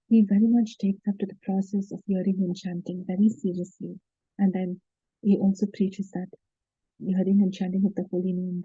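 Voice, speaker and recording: A woman's voice: mid-range voice, warm tone, husky, dry recording, dull audio. A woman giving an earnest devotional talk, retelling scripture stories with many fillers and restarts. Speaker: devotional speaker.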